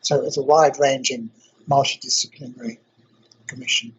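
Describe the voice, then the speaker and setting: An older man from South Africa, interviewed in a university lab, explaining technical ideas step by step in a measured way. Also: mid-range voice, steady tone, husky, lo-fi sound. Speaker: interviewee, engineering professor.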